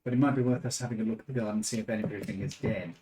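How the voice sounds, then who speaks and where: A man's voice: lowish voice, fairly even intonation, rapid-fire, dark tone, slight background noise. Methodical male player. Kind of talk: tabletop game play.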